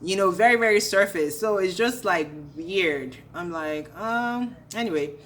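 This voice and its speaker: A woman's voice: medium pitch, lively intonation, measured pace. A young woman ranting through a casual recap of a reality show, sassy and blunt with a gossipy edge.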